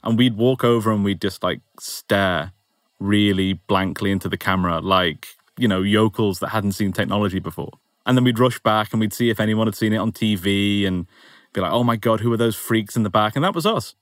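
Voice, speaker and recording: A young adult man from England, telling a personal story in an animated, casual way full of "like" and "you know". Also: fairly low pitch, normal speed, dry recording, studio quality. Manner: animated, casual, filler-laden. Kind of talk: interview storytelling.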